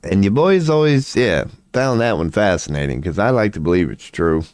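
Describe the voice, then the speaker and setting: A man's voice: sits low, expressive, normal speed, a little mellow, smooth, no echo. A tired man rambling indoors at home in a late-night vlog, profane, slangy and laughing at himself. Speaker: vlogger.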